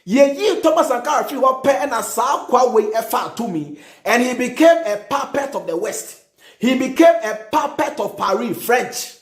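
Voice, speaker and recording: A Ghanaian man, a prophet, giving fiery, emphatic commentary and mixing English with Twi, repeating his points for stress. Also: extremely high pitch. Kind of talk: impassioned commentary. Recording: roomy echo.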